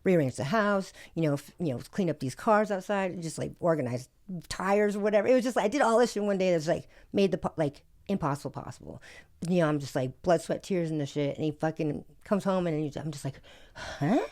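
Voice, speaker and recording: A woman's voice: on the low side, fast, darkish tone. A woman from Alaska, a podcast guest telling her story in casual conversation. She talks animatedly, swears freely and keeps saying "like" and "you know what I mean".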